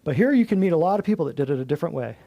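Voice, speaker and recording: A man's voice: a little high, expressive, racing, gravelly, highs cut off. A man hosting a natural health talk, preaching bluntly to a live group in a folksy, slangy way and piling up long emphatic lists. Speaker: natural health clinic host.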